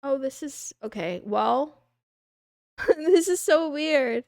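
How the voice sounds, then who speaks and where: Young woman streamer, kinda high voice, soft rambly chat answering viewer questions, dry close mic. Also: lively intonation, slow, no room sound. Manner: soft, rambling, self-deprecating with giggles and "wah" noises. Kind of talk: casual livestream chat.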